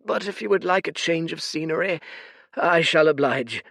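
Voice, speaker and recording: A man voicing an old, weary male seer whose high, quavering voice croaks and breaks. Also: expressive, normal speed, fairly bright tone, no room sound, clean studio sound, exaggerated voice. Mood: weary, sorrowful.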